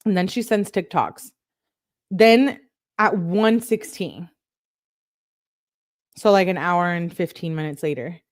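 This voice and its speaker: A woman's voice: on the low side, slow, pauses often. Chatty woman reading texts, blunt asides. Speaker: online commentator. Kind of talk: casual commentary while reading text messages aloud.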